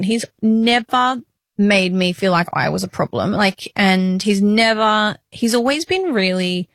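A woman in her late thirties chats openly and emotionally as a podcast co-host, often breaking into laughter. Her voice sits at a middle pitch and is recorded dry and close. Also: dry recording. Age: 30s. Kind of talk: casual chat.

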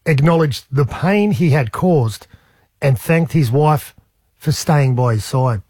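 Chatty Australian radio host, breathy. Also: male voice, on the high side, expressive, slow, a little mellow, no echo, studio quality. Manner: chatty storyteller, jokey. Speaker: radio breakfast show host. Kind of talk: casual radio banter. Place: radio studio. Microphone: studio mic with headphones.

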